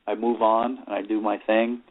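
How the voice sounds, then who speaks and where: A man's voice: on the low side, flat delivery, moderate pace, slight background noise. A middle-aged man from New York, an interview guest and rock singer, telling stories in a loose, rambling way and filling gaps with "you know". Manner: rambling, leans on "you know", acts out quoted voices. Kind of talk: casual storytelling interview. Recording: tinny phone-like sound.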